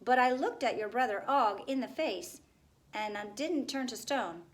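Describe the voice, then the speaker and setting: A woman's voice: on the high side, lively intonation, measured pace, pitched above the performer's own voice. Woman as a determined young girl. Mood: earnest. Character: brave young girl Dakin climbing.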